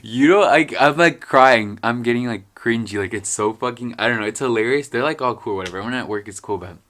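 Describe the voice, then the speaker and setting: A man's voice: mid-range voice, fast talker, fairly bright tone. A young man telling stories in a casual vlog, rambling, joking and swearing freely. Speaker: vlogger.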